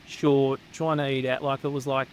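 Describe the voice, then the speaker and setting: A man's voice: medium pitch, little pitch movement, normal speed, slight background noise, low-quality recording. An Australian man who works as a psychotherapist, speaking as a guest in a candid, casual chat, blunt and swearing freely. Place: home near the beach.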